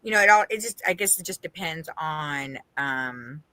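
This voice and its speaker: In a dry recording, a middle-aged Las Vegas-area woman with a deep voice chats casually as a podcast co-host at normal speed. She's animated, laughs a lot, and performs the voices of the people she quotes.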